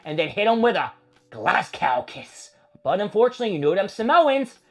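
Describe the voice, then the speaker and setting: A man's voice: high-pitched, very animated, moderate pace, faint music behind. A man hosting a casual wrestling recap, rambling and opinionated with plenty of swearing. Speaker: host.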